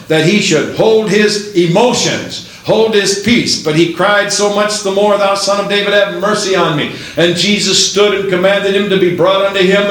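A man's voice: high voice, fairly bright tone, very echoey, rough recording. A man preaching a fervent sermon and reading scripture aloud in old-fashioned wording.

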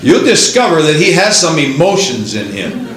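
A man preaching a Pentecostal sermon who builds to excited exclamations and breaks into laughter. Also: a little high, moderate pace, echoey room, crowd noise.

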